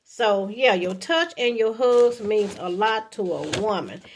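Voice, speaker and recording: A woman's voice: expressive, a little slow, slight background noise. A woman in her fifties giving casual relationship advice to camera in a chatty, folksy way, often checking in with okay. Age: 50s. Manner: chatty and folksy, often adding okay, acts out sweet lines to a partner in a high voice. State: coughing from allergies.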